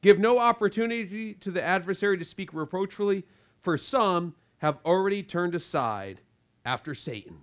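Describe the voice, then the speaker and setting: A man preaching a sermon from the pulpit, his voice sitting noticeably high for a man. He presses his points with emphatic rebukes and sudden quiet drops. He slips into the voices of the people he describes. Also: expressive, normal speed. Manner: emphatic preaching with swings between loud and quiet; acts out quoted voices of listeners. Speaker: pastor.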